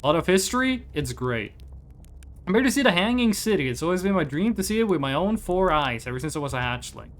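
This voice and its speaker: A streamer reading aloud the lines of a nervous male alien explorer who is scared of space, in a rambling, apologetic manner and a mid-range voice that swings widely in pitch. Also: sing-song, quick pace, lightly acted. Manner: rambling, self-deprecating, apologetic. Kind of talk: reading game dialogue aloud.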